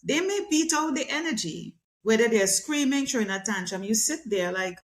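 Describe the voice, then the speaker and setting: Appearing as a guest communication specialist in a relaxed interview, this middle-aged woman speaks at a moderate pace in a fairly high register. She brings energy to it, performing the quoted voices.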